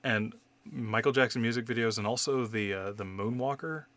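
A man in his thirties talking in a casual podcast chat, candid and animated, swearing freely as he tells stories. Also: medium pitch, normal speed. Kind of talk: casual conversation.

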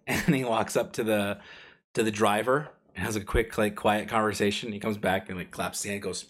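A man's voice: fairly low pitch, steady tone, brisk, a bit bright. A man co-hosting a podcast, telling a personal story casually, full of fillers and chuckles. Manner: rambling, filler-heavy, laughs while telling. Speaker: podcast co-host.

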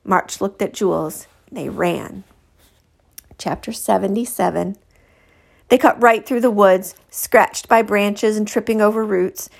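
Woman teacher, read-aloud narration, gravelly, expressive. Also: mid-range voice, unhurried. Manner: expressive, self-correcting. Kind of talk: reading a children's novel aloud.

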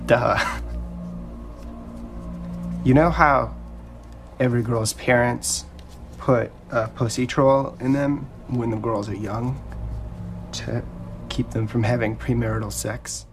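A man delivering a crude, deadpan comedy skit from an album. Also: medium pitch, takes it slowly, long pauses, soft background music.

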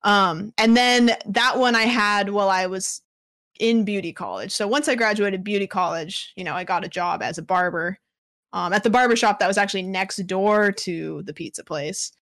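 A woman's voice: mid-range voice, moderate pace, a bit bright, dry recording, studio quality. A young woman, a guest in a casual interview, telling stories in a chatty way with lots of filler words. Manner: chatty, lots of "like" fillers, acts out quoted voices.

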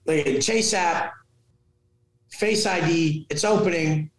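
A man who is a fitness and motivational coach, talking as a podcast guest in an intense, forceful way, swearing constantly and acting out the people he quotes. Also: a little high, takes it slowly, pauses often. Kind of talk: intense profane motivational talk. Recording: very echoey room.

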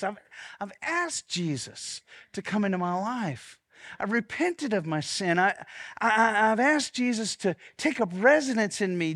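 A man's voice: high-pitched, fairly bright tone. A man preaching a sermon as pastor, earnest, often repeating words as he restarts, and leading the congregation in spoken confessions.

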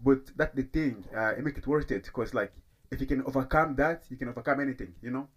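A man's voice: medium pitch, fast, slightly rough. A man from Africa with an African accent, a stand-up comedian chatting casually and laid-back, often repeating himself. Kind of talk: casual podcast chat.

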